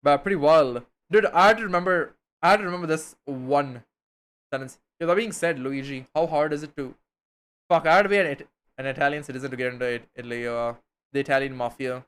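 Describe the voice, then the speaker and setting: A young man from India, talking with his stream chat. His voice sits a little higher than most men's. He rambles casually, full of slang and the odd curse word. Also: fairly quick, fairly bright tone, clean tone. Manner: slangy, swearing, chatty and rambling.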